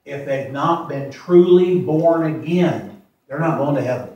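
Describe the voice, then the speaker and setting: A man in his forties preaching a sermon as pastor, plain-spoken, repeating himself and slowing down to stress verses. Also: on the high side, warm tone, dull audio. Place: church sanctuary. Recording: echoey church from far off.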